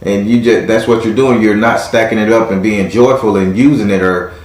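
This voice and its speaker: A man's voice: fairly low pitch, steady tone, a little fast, a little mellow, roomy sound. A man hosting a live tarot reading with a caller, talking in a playful, teasing way with casual slang. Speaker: tarot reader and host.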